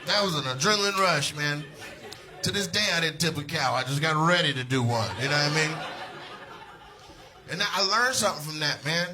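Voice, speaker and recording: A male stand-up comedian with a fairly high voice tells a wild story on stage. He is loud and animated, laughs through his punchlines and swears freely. Music plays clearly behind him. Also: fairly quick, pauses often. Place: comedy stage with a live audience.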